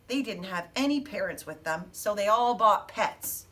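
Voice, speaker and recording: Woman teacher, read-aloud for a class, animated, bright voice, mic a bit distant. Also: medium pitch, normal speed, hardly any pauses. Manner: expressive, acts out the characters' voices. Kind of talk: reading a chapter book aloud to students.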